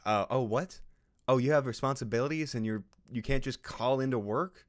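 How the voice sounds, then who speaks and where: This video host, a man with a mid-range voice at a moderate pace, reads through a social media post and mocks it in a casual, sarcastic way. He swears freely and laughs at his own jokes.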